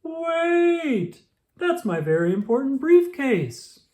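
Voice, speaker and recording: A woman voicing a frantic, busy businessman in a storybook read-aloud, calling out loudly and urgently. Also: low voice, big pitch swings, moderate pace. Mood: shouting.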